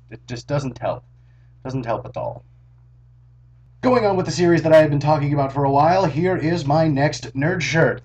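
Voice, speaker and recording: A hoarse young man chatting casually to his camera in a rambling, jokey, self-mocking vlog, recorded on a small camera's built-in mic. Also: mid-range voice, darkish tone. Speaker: vlogger.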